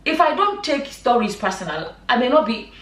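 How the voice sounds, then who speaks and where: A woman's voice: on the high side, sing-song, moderate pace, a bit bright. A woman vlogger and mother giving her opinion in a passionate, emphatic way, repeating points for stress. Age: adult, a mother. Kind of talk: opinion vlog commentary. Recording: echoey room, mic at a distance.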